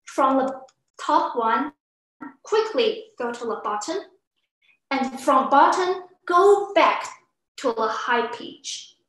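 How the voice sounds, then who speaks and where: A woman teacher with a high voice takes her time, speaking slowly and patiently as she walks a beginner class through each point. She acts out example sounds with big swoops of pitch. The echoey classroom rings around her. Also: lively intonation, a bit bright. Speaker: Chinese language teacher.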